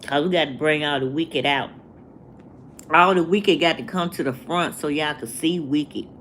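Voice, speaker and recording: A woman, talking to her livestream viewers in a slow, preachy way and asking the same rhetorical questions over and over. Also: sits low, a bit bright, slight background noise. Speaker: vlogger. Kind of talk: casual livestream rant.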